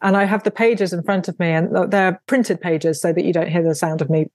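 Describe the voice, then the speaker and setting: An animated woman talks about her own books in an interview, laughing often and poking fun at herself. Her voice sits a little low for a woman. The recording is close and dry, with no room sound. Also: brisk, dry recording. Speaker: author and audiobook narrator. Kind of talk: conversational interview.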